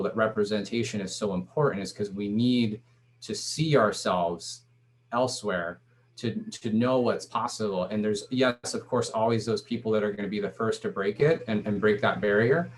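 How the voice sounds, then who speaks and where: A man's voice: fairly low pitch, normal speed. A man and startup founder, talking to an audience in a loose, conversational way full of restarts and fillers. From Latino background. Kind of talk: casual talk to an audience.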